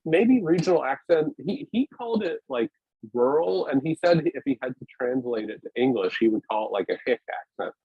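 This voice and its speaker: Male guest on a video call, rambling and hesitant, husky, thin phone-like audio. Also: mid-range voice, lively intonation, a little fast, dry recording. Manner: rambling, hesitant, many restarts and fillers. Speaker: podcast guest, weightlifting media founder. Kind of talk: casual conversational interview.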